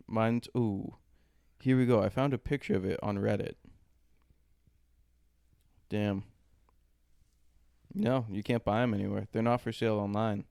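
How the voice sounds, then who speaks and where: Gravelly low-voiced man from Boston. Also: dark tone, no echo, clean studio sound. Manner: loose, crude, laid-back storyteller. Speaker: podcast co-host. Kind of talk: casual storytelling chat.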